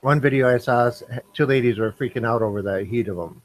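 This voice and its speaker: Hosting a casual live stream, a man taste-tests candy on camera, talking between mouthfuls and apologizing for the chewing. His medium-pitched voice moves quickly, and the recording is dry and rough.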